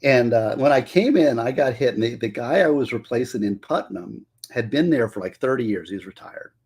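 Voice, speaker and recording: A man tells stories from his years as a public defender, casual and rambling. His voice is husky, his pitch lively, and he slips into other people's voices as he quotes them. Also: fairly quick. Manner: animated, acts out quotes with shifting voices. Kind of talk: casual storytelling monologue.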